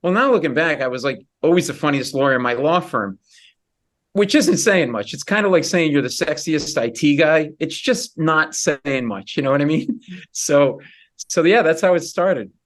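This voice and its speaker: A middle-aged man, a comedian guest on a radio interview, telling animated stories and acting out the voices of the people in them. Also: fairly high pitch. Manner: animated, acts out quoted voices, quick asides.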